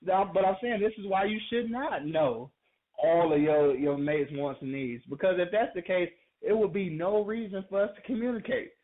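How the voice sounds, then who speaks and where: This fairly high-voiced man co-hosts a call-in relationship podcast, speaking at a normal pace in casual radio-style chat. He tends to repeat himself as he works toward what he means, laughs frequently, and sounds thin, like he's coming through a phone.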